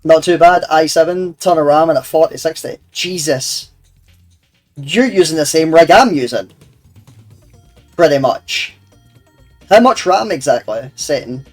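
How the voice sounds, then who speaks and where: Young male streamer, slightly high voice, crude rambling chat with his viewers over faint game music. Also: a little slow, pauses often. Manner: crude, sweary banter with chat; rambling, laughs often. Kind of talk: casual gaming stream chat.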